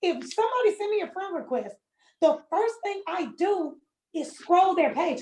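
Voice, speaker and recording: A woman leading a casual business training call, talking in an animated, emphatic and plain-spoken way. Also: very high-pitched, normal speed, echoey room, rough recording. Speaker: network marketing trainer.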